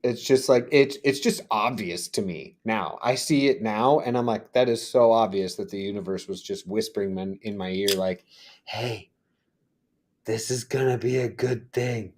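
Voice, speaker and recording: A man co-hosting a casual conversation, animated, often laughing and acting out little voices as he tells stories. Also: fairly low pitch, moderate pace, few pauses.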